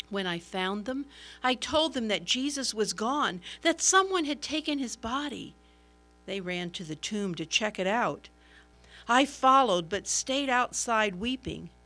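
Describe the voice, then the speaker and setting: A woman's voice: medium pitch, fairly bright tone. A woman voicing Mary, a grieving follower of Jesus, in an earnest and emotional first-person dramatic monologue. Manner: earnest, emotional, swelling at moments of wonder.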